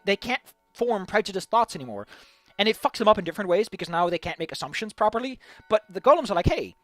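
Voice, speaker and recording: A man's voice: high voice, fairly bright tone, no room sound. A young man ranting off the cuff about a tabletop campaign idea, rambling with many restarts and frequent swearing. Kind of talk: unscripted solo rant.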